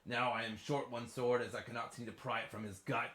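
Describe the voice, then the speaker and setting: A man's voice: mid-range voice, little pitch movement, a little fast, fairly bright tone, roomy sound, close to an everyday voice. A man reading aloud as a mock pirate writing a farewell journal, in a theatrical pirate accent. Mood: menacing.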